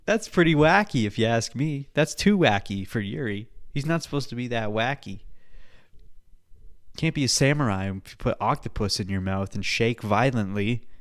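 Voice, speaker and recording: A young man talks loosely into his podcast mic, full of swearing and asides. He rambles from one thought to the next and keeps breaking into laughter. His voice sits at an ordinary male pitch. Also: moderate pace. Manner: profane, rambling, laughs a lot. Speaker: podcast host. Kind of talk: casual podcast chat.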